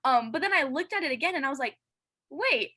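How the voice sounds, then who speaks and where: Woman guest, casual interview, bright forward tone, eager and chatty. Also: high voice, expressive, rapid-fire, poor audio. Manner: eager and chatty, many fillers; earnest and heartfelt.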